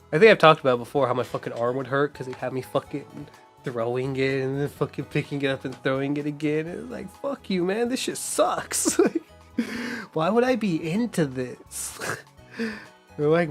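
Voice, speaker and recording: A man's voice: fairly high pitch, gravelly. A man streaming a game, ranting casually with heavy swearing and frequent laughter. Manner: profane, rambling, laughs often.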